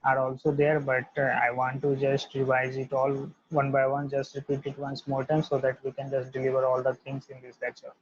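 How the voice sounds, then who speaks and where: A man teaching an online language lesson, repeating each word several times in a slow, deliberate way. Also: mid-range voice, monotone, husky. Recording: dull lo-fi dry audio.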